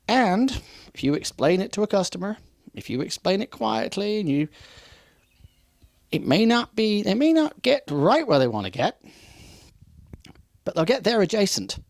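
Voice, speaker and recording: A man's voice: high-pitched, huge pitch swings, normal speed, long pauses, dry recording, clean studio sound. A man giving an unscripted customer service training talk, with emphatic, repeated warnings and acted-out customer dialogue. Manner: acts out customer dialogue in quotes.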